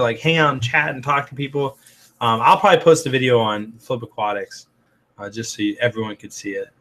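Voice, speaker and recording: A man with a raspy voice, hosting a casual livestream. He rambles with lots of "um" and "like" as he reads viewer comments aloud and answers them. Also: mid-range voice, a bit bright. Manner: rambling, heavy on "um" and "like". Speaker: livestream host.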